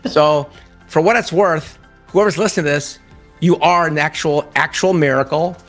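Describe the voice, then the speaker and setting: A middle-aged man with a fairly high voice talks as a podcast guest, upbeat and motivational. He laughs easily and leans into an encouraging message. Faint music sits under the talk. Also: moderate pace, fairly bright tone. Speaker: podcast guest, publishing founder. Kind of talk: casual interview chat.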